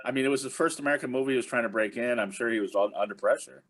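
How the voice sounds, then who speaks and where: Fast-talking man hosting a chat. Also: mid-range voice, a bit bright. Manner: quick, curious questions with filler uhs. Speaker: podcast host. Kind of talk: casual interview chat.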